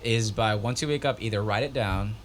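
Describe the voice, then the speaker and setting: This is a man with a voice on the low side, co-hosting a casual podcast. He tells his stories in a lively way and slips into the voices of the people in them. A faint hiss sits under the recording. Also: fairly quick. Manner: animated storyteller, acts out quoted voices. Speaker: podcast co-host. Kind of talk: casual chat.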